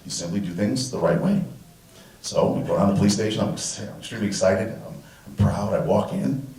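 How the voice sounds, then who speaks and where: A man telling a personal story live on stage, animated and acting out the dialogue. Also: lowish voice, fairly quick. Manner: animated, acts out the dialogue and laughs at himself. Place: stage at a museum event hall. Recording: roomy hall, distant mic.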